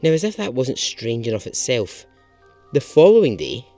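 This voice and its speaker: A man's voice: medium pitch, sing-song, normal speed, dark tone, soft background music. A man hosting a podcast, telling a true story in a chatty, casual way and swearing now and then for emphasis.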